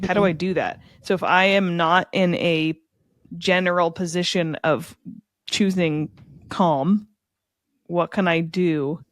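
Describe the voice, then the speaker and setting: A woman's voice: sits low, dry recording. A woman co-hosting a podcast, speaking earnestly and reflectively in casual chat. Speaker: podcast co-host.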